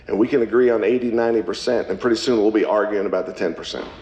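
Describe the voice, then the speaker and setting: A man giving a live speech at a public celebration, folksy, with jokes for the crowd, and slow and emphatic on his key lines. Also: lowish voice, a little mellow. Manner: folksy, joking asides with the crowd. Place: event hall. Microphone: handheld mic at a podium. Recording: echoey room.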